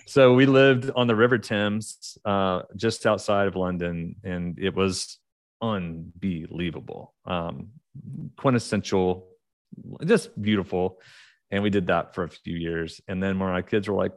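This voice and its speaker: A middle-aged man with an Oklahoma accent speaks as a podcast guest, his voice sitting on the low side. He rambles through his stories, restarting sentences and leaning on fillers. The sound is dry and close to the mic. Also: fairly even intonation, moderate pace, no room sound. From United States. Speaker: podcast guest, leadership author. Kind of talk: casual interview storytelling.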